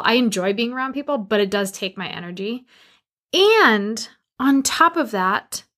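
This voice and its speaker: A woman coaching listeners in a solo motivational talk, with a fairly high voice. She speaks with energy and emphasis and drives her points home with short repeated commands. She records from a quiet barn studio. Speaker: business coach and podcast host.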